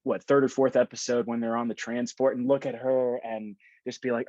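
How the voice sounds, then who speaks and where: A man's voice: mid-range voice, lively intonation, normal speed, dark tone, dry recording. Rambling man on a dull dry line. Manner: rambling, heartfelt, many fillers. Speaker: podcast guest. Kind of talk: casual podcast chat.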